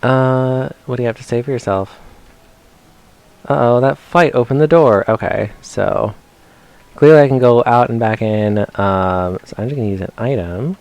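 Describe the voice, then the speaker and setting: A man's voice: medium pitch, normal speed, vocal fry, darkish tone, dry recording. A man casually commenting as he plays a video game, chatty and self-mocking, often talking to the characters on screen. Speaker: streamer. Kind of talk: casual let's-play commentary.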